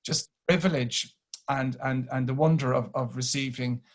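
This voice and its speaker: A man's voice: mid-range voice, fairly even intonation, normal speed. An Irish man giving a webinar presentation over a video call, often restarting his phrases. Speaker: grid company chief executive. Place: home office on a video call.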